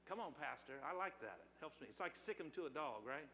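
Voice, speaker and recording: Male pastor, middle-aged, high voice, sermon with call-and-response; long church reverb. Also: expressive, brisk. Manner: preaching with call-and-response to congregation. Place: church sanctuary.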